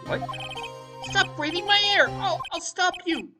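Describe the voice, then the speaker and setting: A woman shrieking as a panicked trapped man. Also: quick pace. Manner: shrill, frantic shouting. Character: panicked middle-aged man, trapped and gasping. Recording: distant mic, loud background music.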